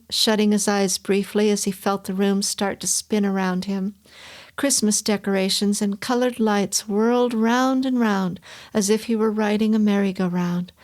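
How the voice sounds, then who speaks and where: A woman reading a classic story aloud with measured storytelling. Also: medium pitch. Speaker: story reader. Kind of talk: audiobook reading.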